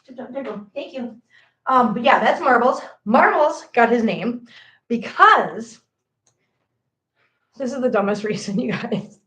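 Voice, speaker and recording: A middle-aged woman hosting a casual live stream, chatty and animated, greeting viewers by name as she chats. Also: fairly high pitch, measured pace, pauses often. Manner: chatty and animated, reads viewer comments aloud. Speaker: livestream host. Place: home, indoors. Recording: echoey room.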